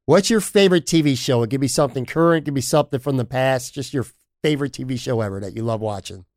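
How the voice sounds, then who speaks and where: A man hosting a podcast who asks casual, drawn-out questions and laughs along with his guest. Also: mid-range voice, darkish tone, dry recording, clean studio sound. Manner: friendly, laughs along, lays out questions at length. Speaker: podcast host.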